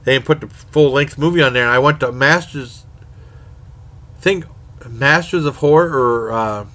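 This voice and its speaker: A man's voice: mid-range voice, moderate pace, bright, forceful tone. A man casually reviewing horror movies, rambling along with many fillers and self-corrections.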